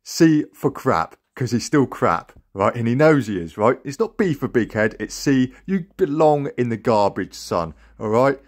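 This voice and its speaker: Lively, teasing gaming host man. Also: medium pitch. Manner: teasing, mocking banter with dramatic announcer-style reveals. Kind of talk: comedic roast tier list commentary.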